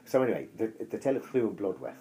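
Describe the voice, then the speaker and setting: Deep-voiced man telling a rambling story. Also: very animated, very fast, dark tone. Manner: rambling, swears freely. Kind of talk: casual storytelling chat.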